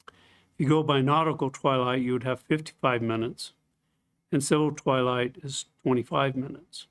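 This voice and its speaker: A man teaching a scripted Bible study lesson, explaining things step by step, reading scripture aloud and clearing his throat now and then. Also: medium pitch, steady tone, moderate pace.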